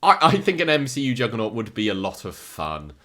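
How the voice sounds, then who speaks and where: A man with an English accent giving casual, jokey commentary as a video host, swinging between excitement and deadpan remarks. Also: mid-range voice, a little fast, noisy background. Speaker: YouTuber ranking comic villains.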